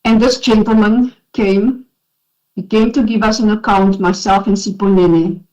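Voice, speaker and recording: A South African woman testifying as a witness at a formal inquiry, emotional and shaky, speaking earnestly with halting restarts. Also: medium pitch, steady tone, a little mellow. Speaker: witness, former police investigator. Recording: dull lo-fi hearing recording.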